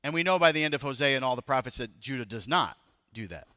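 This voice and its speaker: A man's voice: medium pitch, expressive, fast, pushed and bright, dry recording, studio quality. A man in his thirties preaching a sermon as pastor, talking to the congregation in a loose, joking way. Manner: conversational, jokes with the congregation.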